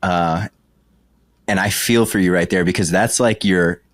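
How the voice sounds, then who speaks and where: A man's voice: low-pitched, unhurried, dry recording, clean studio sound. A man hosting a podcast, talking in a reflective, earnest way with many hesitations. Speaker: podcast host. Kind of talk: reflective interview talk.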